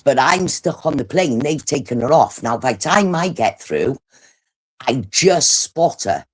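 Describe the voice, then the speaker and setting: Her pitch is extremely low and husky, her delivery unhurried. She's a middle-aged UK livestream host giving a blunt, animated, casual retelling of a story, peppered with heavy swearing.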